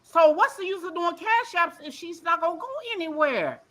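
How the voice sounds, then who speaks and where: A woman's voice: very high-pitched, lively intonation, normal speed, pushed and bright. A woman calling in to a livestream, emotional and ranting bluntly with plenty of swearing. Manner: blunt, profane, rambling. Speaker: caller on a livestream. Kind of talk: emotional call-in rant.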